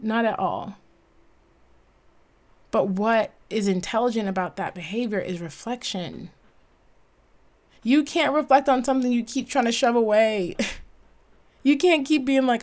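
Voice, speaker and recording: An earnest woman hosts her own podcast and talks through a motivational topic alone. Her voice sits at a middling pitch, and she leans hard on key points, with an occasional self-aware laugh. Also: moderate pace, pauses often. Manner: earnest, emphatic, laughs at herself. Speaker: podcast host. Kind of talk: solo motivational talk.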